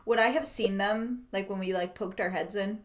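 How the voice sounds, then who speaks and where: A woman's voice: mid-range voice, normal speed. A woman playing in a tabletop game, asking questions and planning her move in a chatty, filler-heavy way. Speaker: player. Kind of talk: casual tabletop play.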